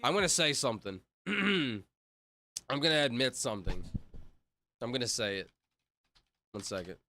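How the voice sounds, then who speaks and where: A man's voice: medium pitch, lively intonation, moderate pace, sharp tone. A man casually chatting on a livestream, rambling and joking while reading viewer comments aloud. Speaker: streamer.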